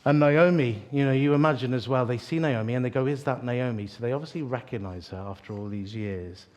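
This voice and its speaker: Guy preaching, lively storyteller, cracks jokes, asides to the crowd, mid pitch. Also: brisk, muffled recording. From East London. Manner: animated, joking storyteller with asides to the audience. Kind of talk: sermon.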